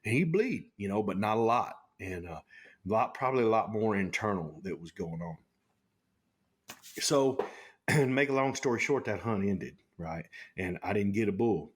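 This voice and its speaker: A man, a podcast guest telling a story in a casual, animated way and acting out the people and animals in it. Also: fairly low pitch, moderate pace, breathy edge. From Texas.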